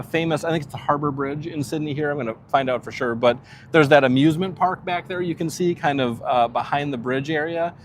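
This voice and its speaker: A man's voice: a little high, a little hiss or hum. A man hosting a casual live stream from the outdoor deck of a cruise ship, chatting with viewers in an awed, easygoing way.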